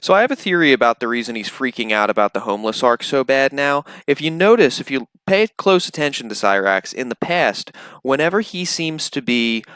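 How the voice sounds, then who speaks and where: A man's voice: medium pitch, animated, brisk, few pauses, a bit bright, smooth, dry recording. A man narrating a commentary video in a mocking, sarcastic way. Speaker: commentary channel host. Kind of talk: commentary voice-over.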